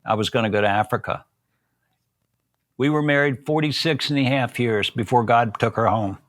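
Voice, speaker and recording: An older man tells a long personal story in a relaxed, folksy way, slipping into quoted voices of the people in it. His voice sits in a middle pitch, close to a dry, dead-sounding mic. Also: moderate pace, no echo. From Southern United States. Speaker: guest. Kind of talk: storytelling interview.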